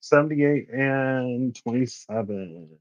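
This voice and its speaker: A man's voice: mid-range voice, slow pace, no echo, muffled recording. A man reading tarot for a casual vlog, chatting and musing as he reads card meanings aloud. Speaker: tarot reader.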